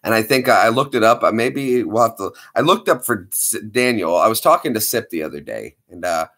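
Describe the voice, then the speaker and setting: A man hosting a casual live stream, chatting playfully with his viewers in an animated way. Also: on the low side, brisk.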